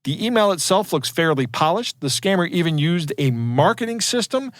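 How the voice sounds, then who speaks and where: A man's voice: sits high, sing-song, normal speed, no echo. A man co-hosting a podcast, chatting casually and digressing to explain technical details. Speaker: podcast co-host. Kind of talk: casual chat.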